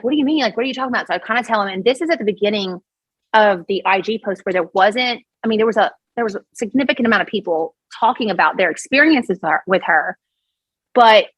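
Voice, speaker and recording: Husky-voiced Cajun woman telling a story. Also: mid-range voice, dry recording, rough recording. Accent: Cajun Louisiana. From Louisiana. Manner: animated, rambling storyteller. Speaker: podcast guest. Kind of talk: casual storytelling chat.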